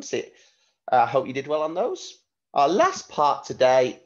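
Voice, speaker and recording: A man teaching a phonics lesson to young children, spelling words out letter by letter in a clear, slow dictation manner. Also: fairly low pitch, lo-fi sound. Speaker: primary school teacher.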